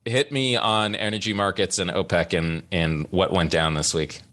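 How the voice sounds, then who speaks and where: A man with a notably low voice hosts an economics podcast. He talks casually and rambles, restarting and reworking his sentences as he goes. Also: steady tone, moderate pace, a bit bright. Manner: rambling, self-correcting, conversational. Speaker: podcast host.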